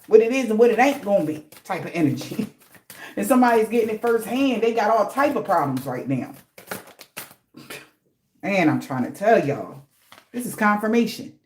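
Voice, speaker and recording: A woman's voice: on the high side, darkish tone, echoey room. A woman giving a casual spiritual reading, blunt and slangy, swearing freely for emphasis. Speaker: tarot reader.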